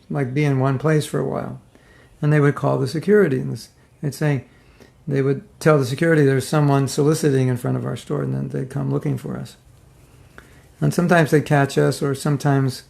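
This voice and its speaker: With a slightly high, creaky voice and a darkish tone, a middle-aged man gives a laid-back, funny spiritual class. He jokes with his audience and acts out their responses, all in a conversational, mimicking manner.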